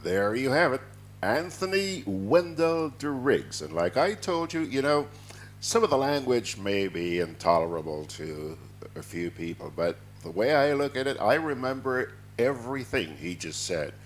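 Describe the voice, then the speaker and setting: A man's voice: medium pitch, lively intonation, a little slow, a little hiss or hum. A man hosting a morning show, chatting and reading out listener greetings. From Grenada. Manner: chatty, reads listener messages aloud. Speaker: radio host.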